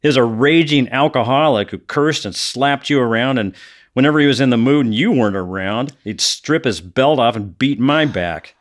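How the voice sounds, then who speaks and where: An actor playing a brooding adult son who coldly recounts his killings in a flat tone, flaring into anger. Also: medium pitch, moderate pace, close to an everyday voice. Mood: bitter. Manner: flat, cold storytelling with bursts of anger. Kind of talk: audio drama acting.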